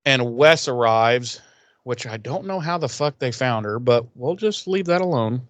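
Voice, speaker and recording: A man co-hosting a podcast, casually recapping an episode with lots of swearing and quick acted-out quotes. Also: medium pitch, no echo. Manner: profane, animated retelling with voiced quotes. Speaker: podcast co-host.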